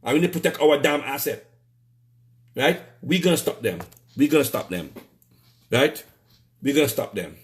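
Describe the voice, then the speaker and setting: A man's voice: fairly high pitch, very animated, normal speed, long pauses. Angry Trinidadian man ranting on a live stream. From Trinidad and Tobago. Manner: heated, repetitive, stumbling restarts, curses.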